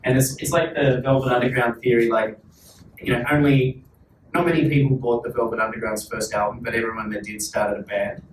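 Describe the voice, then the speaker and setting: A man's voice: mid-range voice, steady tone, brisk, slight background noise. A man in his forties with an Australian accent, a panel guest telling rambling, self-mocking stories in casual talk. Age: 40s. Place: large hall at a public talk. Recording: echoey hall, distant, faint ambience.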